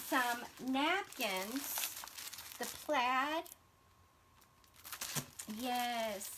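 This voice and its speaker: A middle-aged woman with a high voice hosts a casual craft livestream, gushing to her viewers as she unpacks gifts. She's chatty and calls her audience "y'all," with background noise audible.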